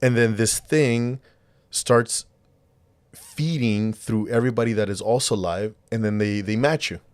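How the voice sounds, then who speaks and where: A man's voice: lowish voice, measured pace, dry recording. A man co-hosting a casual podcast, rambling with many restarts and acting out quoted dialogue. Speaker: podcast co-host.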